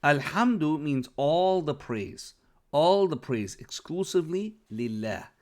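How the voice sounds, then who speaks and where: A man's voice: on the high side, expressive, takes it slowly, darkish tone. A man who is not a native Arabic speaker, teaching Arabic vocabulary patiently and often checking understanding with an "okay?". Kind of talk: explaining a lesson.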